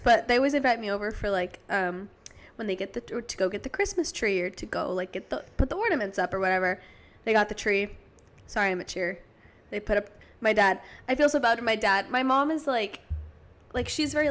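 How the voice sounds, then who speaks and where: A young woman in her twenties co-hosting a podcast, telling stories in a giggly, animated way and acting out what people said. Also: fairly high pitch. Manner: giggly, animated storytelling, acts out quotes. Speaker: podcast co-host. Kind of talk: casual chat.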